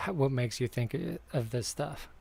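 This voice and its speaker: A man's voice: medium pitch, normal speed, vocal fry, darkish tone, husky, dry recording. A man co-hosting a podcast, telling stories with emphatic disbelief in casual chat.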